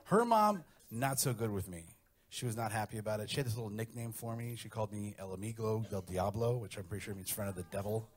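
Brash middle-aged guy doing a stand-up set, profane, low voice. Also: fast. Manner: brash, profane, animated storytelling. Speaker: stand-up comedian.

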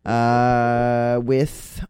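A man's voice: medium pitch, monotone, very slow, darkish tone, smooth, no echo, clean studio sound. A man hosting a casual talk radio show, rambling with many fillers as he reads out upcoming gig listings.

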